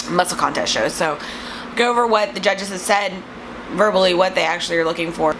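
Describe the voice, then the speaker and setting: A woman's voice: lowish voice, moderate pace. Chatty young woman over fan hum. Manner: rambling, self-deprecating, chatty. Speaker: fitness vlogger and online trainer. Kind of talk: casual to-camera chat. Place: room with a fan running. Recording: fan noise clearly audible. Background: steady fan hum.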